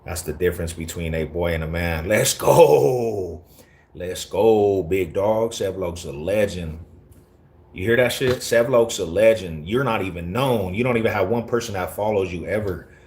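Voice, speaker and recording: Male livestreamer, lowish voice, brash and confrontational, heavy slang. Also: moderate pace, darkish tone. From Colorado. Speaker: livestreamer reading chat. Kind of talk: casual live-stream talk.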